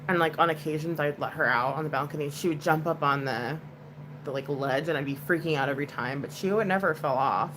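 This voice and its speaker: A woman's voice: low voice, fairly quick, background noise. A woman hosting a casual livestream chat, talking to viewers in a chatty, comforting way with lots of "like" fillers.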